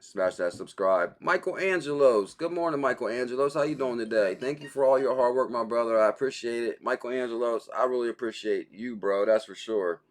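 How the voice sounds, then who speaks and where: On his daily crypto livestream, this man talks a little fast with few pauses, his pitch sitting in the middle range. He reads viewer comments aloud and keeps things laid-back and slangy, laughing readily.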